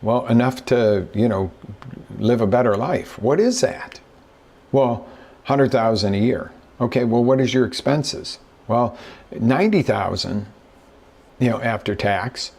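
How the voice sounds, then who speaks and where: A man's voice: mid-range voice, unhurried, a little mellow. A middle-aged man hosting a show as a business coach, telling stories in a casual motivational talk and acting out the quotes. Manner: conversational storyteller who acts out quotes.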